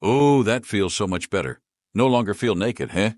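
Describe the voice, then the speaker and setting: A man's voice: fairly low pitch, lively intonation, normal speed, a little mellow, no echo, voice pushed up, natural voice. Brief: a man playing a jolly elf wizard, voice lifted, dry recording. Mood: cheerful. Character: cheerful male elven wizard customer.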